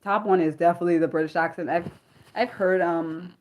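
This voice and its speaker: A young American woman hosting a casual livestream, excitable and apologetic, talking back to her chat with many restarts. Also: fairly low pitch, brisk. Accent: American, Maryland. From United States. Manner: excitable, apologetic, lots of restarts and self-corrections. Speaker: livestream host.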